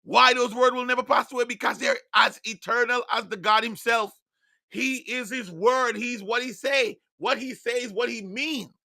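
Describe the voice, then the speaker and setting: Gravelly, bright-voiced preacher. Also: male voice, very high-pitched, steady tone, normal speed. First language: Jamaican Patois. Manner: emphatic, insistent preaching that swings into loud declarations. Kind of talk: online sermon broadcast.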